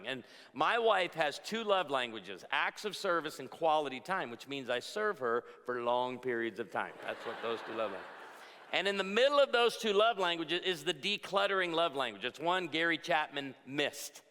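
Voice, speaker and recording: Joking man preaching in a bright, echoing hall. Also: fairly high pitch, very animated, normal speed. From outside Chicago. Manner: joking storyteller, punchlines, asks the crowd for amens. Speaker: pastor and speaker. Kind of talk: humorous conference talk. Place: large hall before a live audience. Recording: reverberant hall.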